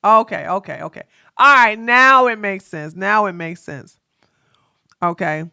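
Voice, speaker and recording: A woman host giving sassy, animated reaction commentary on a livestream, exclaiming and throwing in asides. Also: mid-range voice, unhurried, creaky, clean tone, no room sound, clean studio sound.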